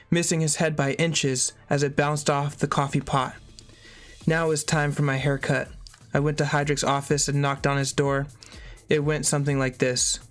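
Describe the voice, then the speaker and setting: A reader reading a memoir aloud in a plain way, breaking off now and then for short spoken asides. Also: mid-range voice.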